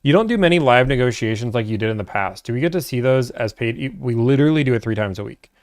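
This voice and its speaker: A young man chats casually on a livestream, answering viewers' questions one after another. His voice sits at an ordinary middle pitch, and the sound is dry and close with no room echo. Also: expressive, quick pace. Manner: laid-back, chatty, answers chat questions. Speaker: livestream host answering chat.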